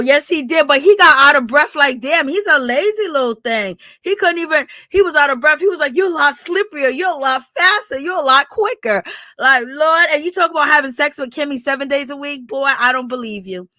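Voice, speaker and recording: A woman hosts a casual recap chat, animated and quick to laugh. Her voice sits high and bright, and the recording is close and dry with no room sound. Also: no room sound. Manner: animated, laughing, expressive reactions. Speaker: reality TV recap host.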